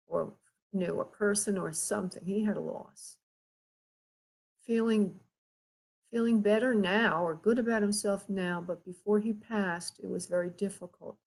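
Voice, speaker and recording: A woman hosting a live psychic reading, speaking haltingly with many pauses and calling the caller by endearments. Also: medium pitch, darkish tone, breathy edge, poor audio. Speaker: psychic medium host.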